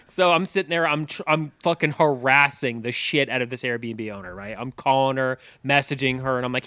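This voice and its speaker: Young guy cussing thru a story on a podcast, bright crisp voice, dry sound. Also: medium pitch, brisk, dry recording. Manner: profane, animated storytelling that swings into loud yelling. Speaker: podcast co-host. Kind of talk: casual storytelling chat.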